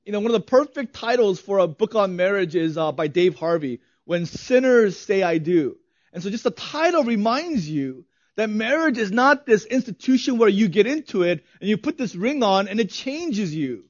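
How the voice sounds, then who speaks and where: A man's voice: high voice, sing-song, moderate pace, dry recording, highs cut off. A man in his thirties preaching a sermon as a pastor, conversational, often asking "right?" and laughing lightly.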